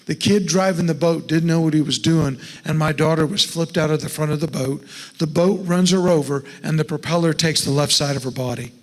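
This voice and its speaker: Speaking fairly quickly, this high-voiced, middle-aged estate planning speaker delivers a folksy seminar to a church congregation. He keeps questioning his audience as he goes, while the sanctuary walls throw back a long reverb.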